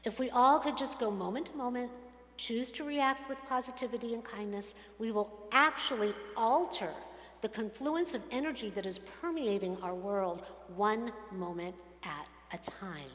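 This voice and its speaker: A woman delivers a sermon, weaving everyday anecdotes into her message and acting out the people she quotes. Her voice sits a little high. The recording carries the long, roomy echo of a large sanctuary. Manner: animated storytelling, acts out quotes. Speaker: rabbi. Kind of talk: sermon with personal stories. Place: synagogue sanctuary. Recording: echoey hall from a distance.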